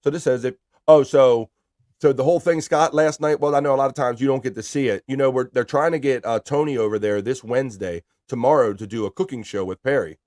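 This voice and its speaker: A man's voice: medium pitch, fast, a little mellow, no echo, clean studio sound. A man hosting a live stream in casual chat, reading viewer messages aloud in an upbeat, chatty way.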